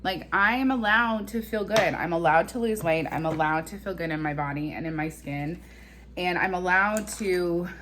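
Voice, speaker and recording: A mother vlogging to her audience talks in a rambling, emotional, confessional way, as if talking to herself. Her voice is lowish and a bit bright, with a little hiss or hum in the audio.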